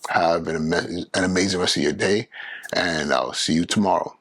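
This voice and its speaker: A man hosting his own podcast, talking in an animated, emphatic way and often restarting his phrases. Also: low voice, normal speed, slightly rough, no room sound. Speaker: podcast host. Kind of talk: casual solo podcast monologue.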